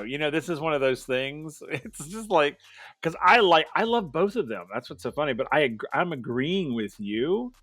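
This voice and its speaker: A man's voice: medium pitch, a bit bright, no echo. A man co-hosting a wrestling podcast who rambles and restarts his sentences as he gives his opinions. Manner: rambling, halting, many restarts. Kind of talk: casual chat.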